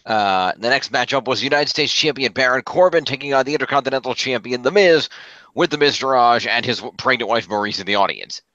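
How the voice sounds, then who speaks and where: A man recaps a wrestling show in casual podcast chat. His voice is bright and forward. The recording is dry and a little dull. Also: medium pitch, a little fast, dry recording. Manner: recaps results, fillers and restarts. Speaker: podcast co-host.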